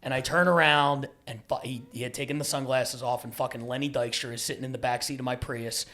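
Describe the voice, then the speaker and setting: A man, a comedian on a podcast as a guest, telling a story in a casual, animated way and laughing as he goes. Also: medium pitch, fast talker.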